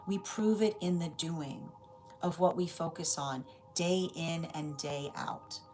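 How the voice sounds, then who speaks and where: A woman's voice: lowish voice, takes it slowly, mellow, soft background music, low-quality recording. A woman giving a live tarot reading, rambling and tagging "right?" onto her points. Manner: rambling, repeats "right?" often. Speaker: tarot reader.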